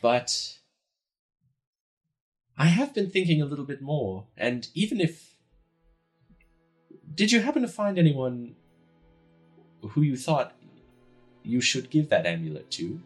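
A man voicing a stern woman innkeeper who speaks in a measured, quietly firm way. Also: fairly high pitch, big pitch swings, faint music behind, pitched above the performer's own voice. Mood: cool.

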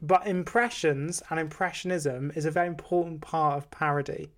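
A man's voice: on the high side, normal speed. A man hosting a comedy podcast with an English accent, playful and giggly, leading a guessing game. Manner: playful, giggly, slips into impressions. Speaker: podcast host. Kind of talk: casual comedy chat with impressions.

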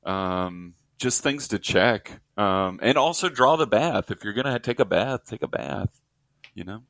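Chill guy comedian on a podcast, kinda low voice, playful, dry room. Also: expressive, unhurried, vocal fry, fairly bright tone, dry recording. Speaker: guest comedian. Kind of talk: casual comedic interview.

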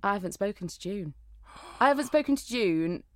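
A woman chats on a podcast, spinning stories with plenty of animation. Her pitch sits mid-range but swings freely. The sound is dry and close to the mic. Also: a little fast, dry recording. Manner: chatty, animated storyteller. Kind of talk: casual chat.

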